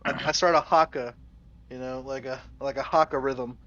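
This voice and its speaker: A man's voice: mid-range voice, fairly even intonation, normal speed, background noise. A man playing a tabletop game, rambling, swearing and laughing as he describes his actions. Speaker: player. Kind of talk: casual game chat. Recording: dull lo-fi mic.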